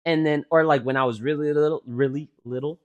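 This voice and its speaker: His voice sits on the high side and moves fairly quickly, with a lo-fi sound. He's a twenty-something podcast co-host whose casual chat runs to rambling, profane, lively stories heavy with fillers.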